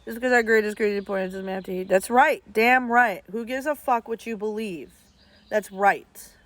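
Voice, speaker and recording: A woman's voice: medium pitch, moderate pace, fairly bright tone, no room sound. A woman, chatting casually and bluntly to her viewers as a streamer, swearing freely. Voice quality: blunt and profane, talks straight at viewers. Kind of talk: casual chat.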